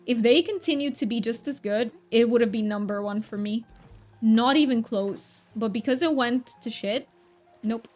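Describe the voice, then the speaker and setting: A woman's voice: a little high, normal speed, a little mellow, faint music behind. A woman streamer chatting casually while she plays, giggling often and restarting her sentences. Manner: giggly, rambling, frequent restarts. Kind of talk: casual live-stream chat while gaming.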